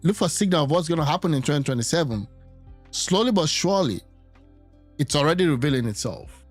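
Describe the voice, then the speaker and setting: Halting man musing on politics. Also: fairly high pitch, expressive, faint music behind. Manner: musing, halting, with many restarts. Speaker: political commentator. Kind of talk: casual political commentary.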